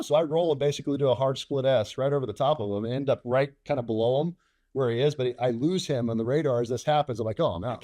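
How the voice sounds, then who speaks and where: A middle-aged man tells a combat story from the cockpit at a quick clip, acting out the radio chatter as he goes. His voice sits at an ordinary pitch but shoots up when he plays the frantic calls. It is recorded close and dry. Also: dark tone, no echo. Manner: acts out radio calls and dialogue, rising sharply in pitch. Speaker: fighter pilot guest. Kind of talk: animated war storytelling.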